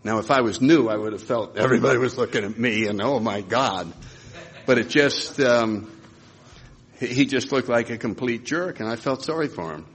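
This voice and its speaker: A man telling lively, chuckling stories to a live audience. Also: medium pitch, normal speed, husky. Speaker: speaker sharing recovery stories.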